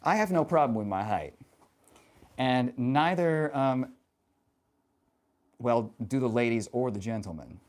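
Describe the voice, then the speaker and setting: A man live-streaming in casual chat, answering viewers in a rambling, profane way full of fillers, and getting animated when he rants. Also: mid-range voice, measured pace, long pauses. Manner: animated and passionate when ranting.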